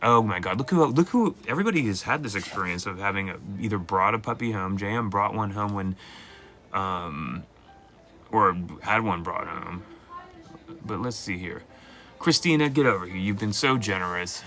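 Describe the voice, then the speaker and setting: A man's voice: lowish voice, normal speed, faint music behind. A man hosting a live call-in tarot reading, talking casually and playfully to viewers. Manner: animated, playful, jumps into mock voices. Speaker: tarot reader host.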